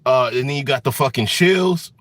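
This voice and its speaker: A man's voice: mid-range voice, animated, unhurried, husky. A man giving an angry political rant, swearing often and restarting his sentences with many fillers. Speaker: political commentator.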